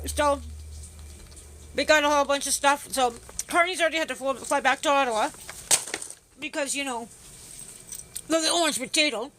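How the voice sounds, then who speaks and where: A woman's voice: high-pitched, bright, forceful tone, slight background noise. A woman hosting a livestream, ranting sarcastically with heavy swearing and greeting her viewers. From Canada. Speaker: livestream host. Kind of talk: casual ranting livestream chat.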